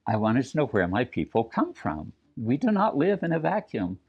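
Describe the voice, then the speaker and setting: An older man from New Mexico, telling personal family stories at a community event in an earnest, reflective way, pausing and restarting as he speaks. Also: mid-range voice, huge pitch swings, breathy edge, lo-fi sound. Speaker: storyteller. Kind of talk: personal storytelling talk.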